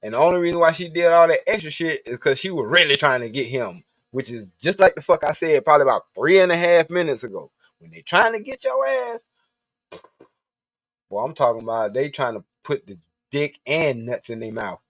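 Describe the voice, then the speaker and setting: A man's voice: a little high, sing-song, a little fast, a bit bright, no echo, muffled recording. A man from the Southern US giving a profane, blunt, rambling rant on a livestream. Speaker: livestream host. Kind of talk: casual ranting monologue.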